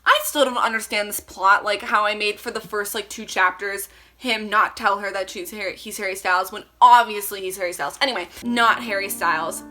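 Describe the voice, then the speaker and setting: Bright, sarcastic woman vlogger. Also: mid-range voice, steady tone, a little fast, soft background music. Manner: sarcastic, self-mocking, laughing at herself. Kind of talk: reading old fan fiction aloud with commentary.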